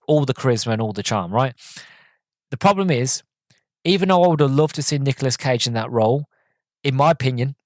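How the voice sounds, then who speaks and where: A man's voice: mid-range voice, no room sound. Rambling male podcast host, dry sound. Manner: rambling, filler-heavy, frequent "sort of". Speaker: podcast host, film reviewer. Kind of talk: casual solo review podcast.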